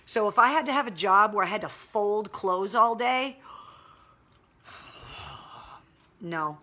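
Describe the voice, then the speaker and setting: A middle-aged woman radio host with a gravelly voice, chatting casually and candidly on a livestream, reading viewer comments with wry humor. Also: mid-range voice, slow pace, sharp tone.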